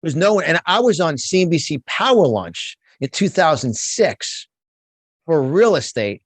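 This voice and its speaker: A man's voice: a little high, sing-song, measured pace, no echo. A middle-aged man with a New York accent, speaking as a guest in an interview, emphatic and fired up, often restarting his words. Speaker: guest, motivational speaker and business coach. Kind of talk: passionate conversational interview.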